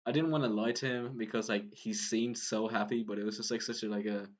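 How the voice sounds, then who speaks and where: A man's voice: lowish voice, fairly even intonation, a little fast. A young Irish man, a podcast co-host, telling a long story in casual chat, full of "like"s and laughing as he goes. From Ireland. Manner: rambling storyteller, many "like"s, laughs while talking.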